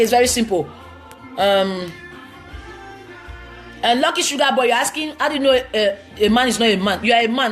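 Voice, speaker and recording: A woman with a Nigerian accent answering viewer questions on a live stream, giving blunt, emphatic, preachy relationship advice. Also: fairly high pitch.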